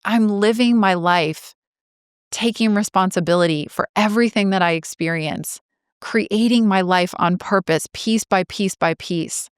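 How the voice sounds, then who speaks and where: A woman in her forties telling a personal story as a podcast host, earnest and reflective, slowing down on key phrases. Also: mid-range voice, smooth, no room sound, clean studio sound. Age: 40s.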